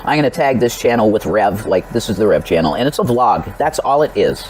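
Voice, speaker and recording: A man's voice: on the low side, expressive, fairly quick, a little mellow, slight background noise, rough recording. A man talking in a rambling personal vlog, addressing another creator directly, restarting his sentences and repeating himself. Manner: rambling and repetitive, with frequent restarts and direct pleas to the viewer. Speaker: religious vlogger.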